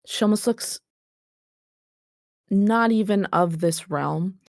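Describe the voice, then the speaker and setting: A woman's voice: mid-range voice, slow, a little mellow, no room sound, clean studio sound. A woman narrating a tabletop role-playing game as game master, describing scenes vividly and calling for dice checks.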